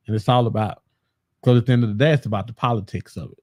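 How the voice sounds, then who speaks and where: A man talking as a guest on a casual political talk show, relaxed and given to repeating his words. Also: lowish voice, racing, dry recording, studio quality.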